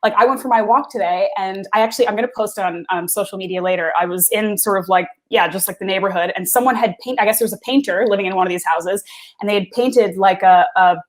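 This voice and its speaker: A woman's voice: mid-range voice, fast. A woman co-hosting a podcast, chatting casually with many filler words. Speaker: podcast co-host.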